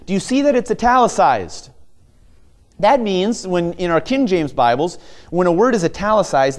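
Male pastor, lightish tenor, earnest sermon delivery, hushed lows to emphatic highs, slow stressed scripture reading. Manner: earnest preaching, swings between soft low passages and raised emphatic ones; reads scripture aloud with drawn-out slow stresses. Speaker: preacher.

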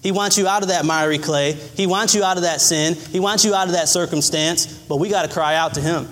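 A man's voice: a little high, a little fast, fairly bright tone, big-room sound. A man preaching a sermon, earnest and folksy, who acts out little scenes as he speaks. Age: adult.

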